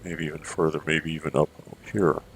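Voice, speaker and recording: A man giving measured strategy gameplay commentary into a desk microphone, thinking aloud with fillers as he plays. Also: very deep voice, little pitch movement, faint music behind.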